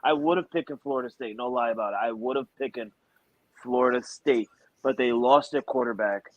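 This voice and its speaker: A man co-hosting a sports prediction show, talking in an excitable, rambling way and laughing easily. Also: medium pitch, moderate pace, no echo, lo-fi sound. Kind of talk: animated casual sports banter.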